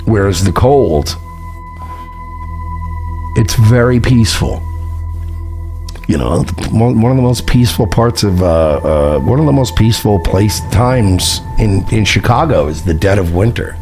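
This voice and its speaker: A man's voice: on the low side, lively intonation, measured pace, long pauses, a little mellow, faint music behind. A man in his late thirties from New York, talking casually on a livestream in a profane, rambling way that readily turns into a rant. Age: late 30s.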